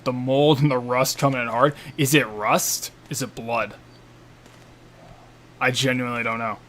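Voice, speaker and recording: A man's voice: mid-range voice, steady tone, unhurried, fairly bright tone. Joking, chatty male game critic. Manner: chatty, joking, thinking aloud. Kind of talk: casual let's-play commentary. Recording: faint game music behind.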